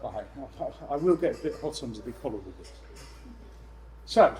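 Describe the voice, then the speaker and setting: A man presenting to a room of landlords, lively and jokey with exasperated asides. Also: mid-range voice, moderate pace, faint music behind, low-quality recording. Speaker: letting agent speaking at a landlord event. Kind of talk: live seminar presentation.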